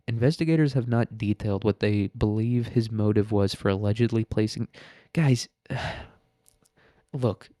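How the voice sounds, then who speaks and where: A man riffing on the news in a blunt, crude, sarcastic way. His voice is low and mellow. The sound is dry and close. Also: no echo. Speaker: podcast host. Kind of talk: casual current-events commentary.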